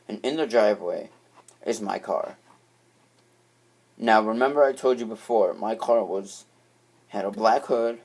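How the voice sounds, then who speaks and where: A man's voice: lowish voice, darkish tone. A young man telling a long story in a casual, rambling way, restarting phrases and swearing freely. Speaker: vlogger.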